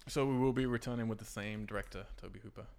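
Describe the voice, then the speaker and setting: A man hosting a casual podcast chat, relaxed and laughing often, with many fillers. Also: on the low side, fast talker, gravelly, slight background noise. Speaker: podcast host.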